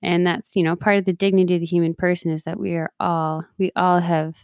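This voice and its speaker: A woman's voice: on the low side, little pitch movement, brisk, smooth, no room sound, clean studio sound. A woman in her thirties hosting a recovery podcast, talking candidly and laughing at herself as she reflects. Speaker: podcast host and mindset coach. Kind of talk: casual reflective monologue.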